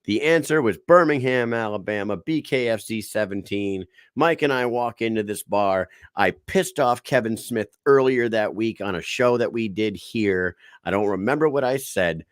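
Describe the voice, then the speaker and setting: A man with a lowish voice co-hosts a podcast and tells a bar story with lots of swearing. His voice is recorded dry and close, with no room sound. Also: normal speed, few pauses, no echo. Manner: profane, animated storyteller. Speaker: podcast co-host. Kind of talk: casual podcast chat.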